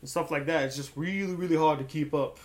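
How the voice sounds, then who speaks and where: A young man chatting casually as a podcast guest, animated and quick to slip into voice impressions. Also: fairly high pitch. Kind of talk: casual chat.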